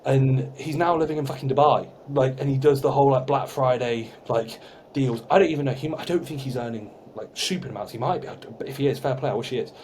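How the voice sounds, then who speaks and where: A young man, co-hosting a podcast in casual, animated chat with some swearing. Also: medium pitch, fast talker, a little hiss or hum. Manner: chatty, swearing, animated storytelling. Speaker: podcast co-host.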